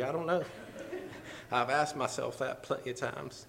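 A man preaching a fervent, emotional sermon, at times teary and laughing softly. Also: medium pitch, fairly even intonation, normal speed, vocal fry, a little hiss or hum.

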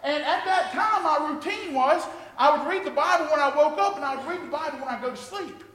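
A man preaching a sermon to his congregation, impassioned and often rising to shouted exclamations. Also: very high voice, fairly quick. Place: church sanctuary with a congregation. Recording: echoey hall with long reverb.

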